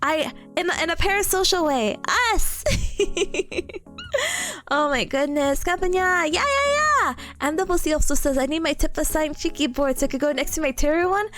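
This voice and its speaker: A young woman streaming a casual chat, bubbly and giggly, stammering and squealing with excitement. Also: high-pitched, normal speed, soft background music.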